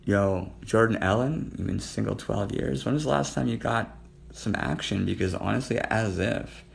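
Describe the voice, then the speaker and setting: A man's voice: lowish voice, normal speed, vocal fry, a little hiss or hum. A man hosting a livestream, flirting with viewers and calling them out by name, sometimes dropping to a murmur. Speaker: livestream host.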